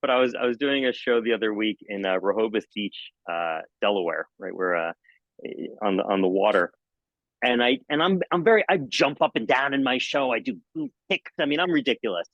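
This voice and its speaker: Brief: middle-aged male entertainer, energetic storyteller, jumps into high-pitched bits, dry close sound. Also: brisk, no echo, lo-fi sound. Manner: lively, jokey, acts out anecdotes with sudden high exclamations. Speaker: magician and mentalist guest. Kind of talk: animated storytelling in a podcast interview.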